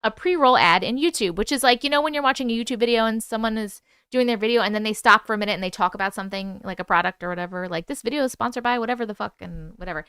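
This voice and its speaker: A woman hosting a livestream, casually telling a story, animated and profane, acting out the voices she quotes. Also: on the high side, racing, clean tone, dry recording, clean studio sound. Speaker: host. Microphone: wireless clip-on mic.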